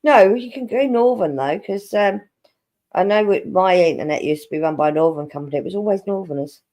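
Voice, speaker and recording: A woman's voice: fairly low pitch, fairly quick, warm tone. A middle-aged woman hosting a casual stream chat, laughing often, swearing and reading viewer comments aloud.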